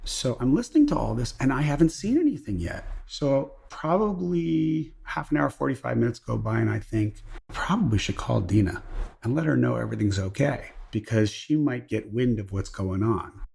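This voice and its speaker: A man's voice: medium pitch, lively intonation, moderate pace, gravelly, a little mellow, husky. A middle-aged man, a guest on an interview show, telling an anecdote casually and acting out the voices of the people he quotes. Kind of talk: casual storytelling.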